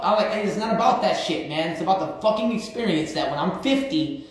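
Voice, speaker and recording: A man's voice: high voice, lively intonation, fairly quick. A man in his thirties talking casually on a livestream, blunt and profane, with street slang and lots of repetition. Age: 30s. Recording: very echoey room.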